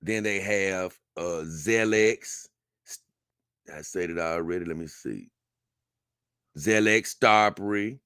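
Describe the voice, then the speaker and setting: A man hosting a casual livestream, reading long lists aloud at an unhurried pace with offhand asides. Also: low voice, a bit bright, smooth, no echo, studio quality. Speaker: livestream host.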